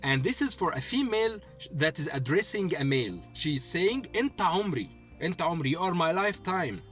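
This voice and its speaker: A man teaching a language lesson, repeating phrases slowly and often checking in with "okay?". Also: on the high side, animated, a bit bright, soft background music. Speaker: Arabic teacher.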